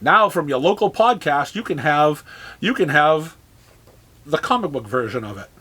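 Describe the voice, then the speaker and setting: A man casually running through a comic shop's weekly new releases, listing titles with dry, sarcastic asides and halting restarts. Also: a little high, sing-song, a bit bright, slightly rough.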